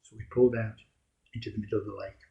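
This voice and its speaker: A man's voice: lowish voice, level tone, quick pace, gravelly, dark tone, muffled recording. Wry man telling a first-person story. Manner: wry, conversational, self-mocking.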